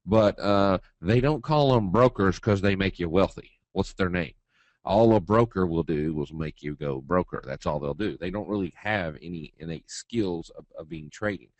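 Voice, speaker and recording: A man giving a trading webinar in a casual, blunt, folksy way, talking to his audience and acting out quick asides. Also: deep voice, darkish tone, dry recording.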